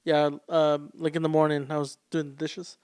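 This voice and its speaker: A relaxed man co-hosting a podcast who chimes in with quick agreements. His voice sits a little high and sounds smooth and clear, with a dry, close recording. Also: no room sound. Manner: laid-back, chiming in with short agreements. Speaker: podcast co-host. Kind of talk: casual chat.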